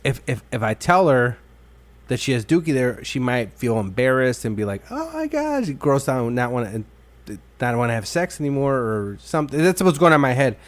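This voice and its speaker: A man's voice: medium pitch, a little fast, dry recording. Man, podcast host, casual chat, profane storytelling, laughs a lot. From Mexican-American from Illinois.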